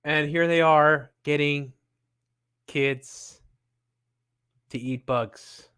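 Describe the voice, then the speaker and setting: A man's voice: on the high side, fairly even intonation, extremely slow, bright, forceful tone, clear, resonant tone. A man hosting a show, giving sarcastic, mocking commentary on videos he plays and laughing often. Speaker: host. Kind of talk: casual commentary reacting to videos.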